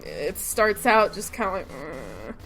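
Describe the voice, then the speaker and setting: A woman in her late twenties chats on a podcast in a slightly high voice. She is animated and laughs often. She keeps breaking into little acted-out quotes. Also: moderate pace, music in the background. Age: late 20s. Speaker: podcast co-host. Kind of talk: casual podcast chat.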